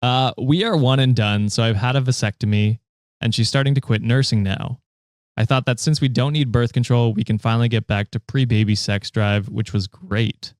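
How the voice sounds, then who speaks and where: A man's voice: medium pitch, fairly even intonation, normal speed, no echo, studio quality. A man hosting a podcast, reading a story post aloud between casual chat and frequent laughter. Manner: laughs often, reads posts aloud. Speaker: podcast host reading stories.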